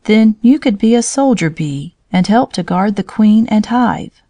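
A woman's voice: medium pitch, expressive, a little slow, mellow, no room sound. A woman reading a storybook aloud, voicing a curious, questioning young boy who watches the bees. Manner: inquisitive, questioning.

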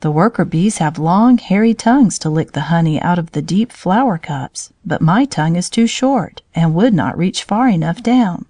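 A woman's voice: lowish voice, animated, moderate pace, hardly any pauses, mellow, dry recording. A woman reading a storybook aloud, voicing a proud, self-important male drone bee who means to be king. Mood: complaining.

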